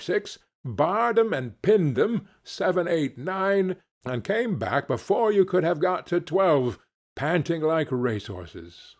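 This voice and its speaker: A man narrating a classic story as an audiobook reader, in a deliberate, expressive way. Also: a little high. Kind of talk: scripted narration.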